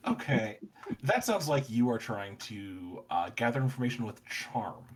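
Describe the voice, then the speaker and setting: Man, game master, slow pace, lively pitch, relaxed explaining. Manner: relaxed, unhurried explaining, laughs easily. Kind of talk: running a tabletop game.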